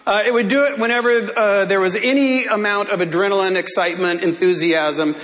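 A male pastor preaching a sermon in church, telling a story in a lively way and laughing often. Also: high voice, brisk, in a large hall. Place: church sanctuary.

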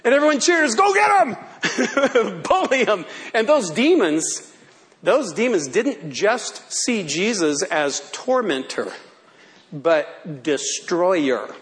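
High, playful preaching man. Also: big pitch swings, takes it slowly. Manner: playful, laughing, theatrical. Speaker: pastor. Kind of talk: sermon. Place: church.

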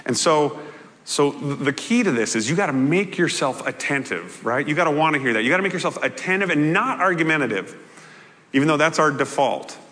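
A male pastor preaching a sermon in a conversational, animated way with playful asides. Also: on the high side, fairly quick. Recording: echoey hall with long reverb.

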